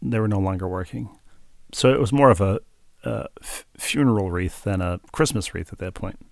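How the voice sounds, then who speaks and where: Dry-humored low-voiced male podcast co-host. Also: normal speed, gravelly, no echo. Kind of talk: casual chat.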